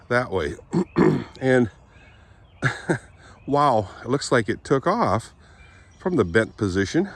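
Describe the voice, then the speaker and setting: A man of middle pitch with a lingering cold, rambling outdoors about his farm in a casual walk-and-talk vlog. He keeps clearing his throat and coughing between loose, chatty asides, recorded on a handheld camera out in the open air. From Southwest Michigan. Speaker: vlogger.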